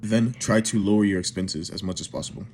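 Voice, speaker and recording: Guy host, kinda low voice, earnest repeat-yourself advice, light hiss. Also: brisk. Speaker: channel host. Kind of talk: advice and channel announcements.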